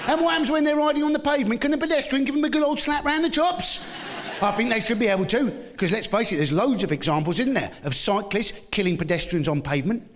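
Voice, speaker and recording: High-voiced British stand-up, sarcastic. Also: male voice, expressive, quick pace. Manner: sarcastic, punchy, full of rhetorical tag questions; shouty bursts mocking a bigoted motorist. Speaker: stand-up comedian. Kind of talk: live stand-up routine. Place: live comedy venue.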